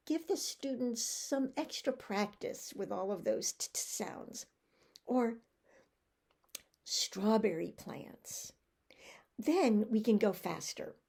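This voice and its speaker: Slow, gravelly American woman teacher. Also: fairly high pitch, lively intonation, mellow. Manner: slow, drill-like modelling of sentences for repetition. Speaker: English teacher trainer. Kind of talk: conference teaching presentation.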